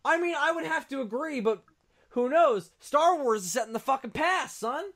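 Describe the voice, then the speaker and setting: A man co-hosting a casual podcast chat, joking and swearing with animated energy. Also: very high-pitched, normal speed. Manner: animated, swears, jokey asides. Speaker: podcast co-host.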